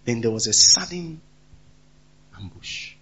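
Husky-voiced preacher man, emphatic repeats. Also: medium pitch, animated, takes it slowly, highs cut off. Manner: emphatic, repeats key phrases, swings between loud and soft. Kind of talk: sermon.

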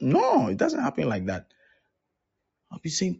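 Male pastor, husky gravelly voice, dull lo-fi sound, preaching. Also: mid-range voice, a little slow. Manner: animated storytelling, acting out both sides of conversations. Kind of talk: sermon.

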